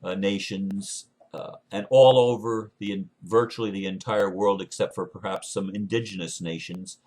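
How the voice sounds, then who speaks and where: A man from the United States talking in an earnest, unscripted monologue, often halting and restarting his phrases. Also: fairly low pitch, steady tone, a little mellow. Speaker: speaker sharing beliefs.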